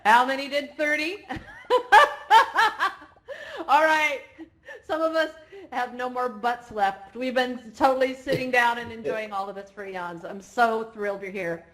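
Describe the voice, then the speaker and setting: Woman hosting a vr event, kinda high voice, chatty and teary. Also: steady tone, measured pace, pauses often, a bit bright. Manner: emotional, chatty, on the verge of tears. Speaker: event host. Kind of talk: excited live event hosting. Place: virtual reality event.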